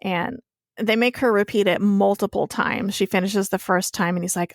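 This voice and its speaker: A young woman talks through a TV episode scene by scene, chatty and loose, swearing freely. Her pitch sits in the middle. The sound is close and dry, with no room around it. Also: steady tone, normal speed, no echo. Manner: chatty storytelling with casual swearing. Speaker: podcast co-host. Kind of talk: casual TV recap chat.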